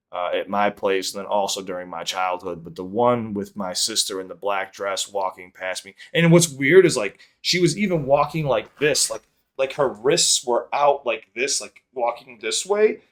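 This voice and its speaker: A man's voice: mid-range voice, fairly bright tone. A man telling stories casually from his home office, rambling and swearing, with lots of fillers and restarts. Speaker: YouTube content creator. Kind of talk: casual storytelling to camera.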